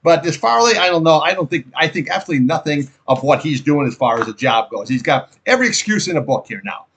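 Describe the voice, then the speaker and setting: A man's voice: fairly high pitch, lively intonation, fast talker, fairly bright tone, husky. A middle-aged man giving casual, blunt stock chart commentary, opinionated and fond of repeating words for emphasis. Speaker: stock market analyst.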